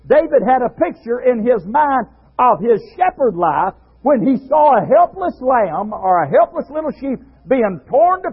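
Tinny radio preacher, high and shouting. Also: male voice, slightly rough. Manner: swings from low murmurs to shouted exclamations.

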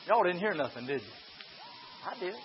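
A preacher man in full revival flow, folksy and loud, breaking into hollers and catching his breath between lines. His voice sits a touch high for a man. The recording is dull and lo-fi with a faint hiss. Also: sing-song, normal speed. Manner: shouts and hollers in bursts, folksy, runs laps while preaching. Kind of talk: fiery Southern revival sermon.

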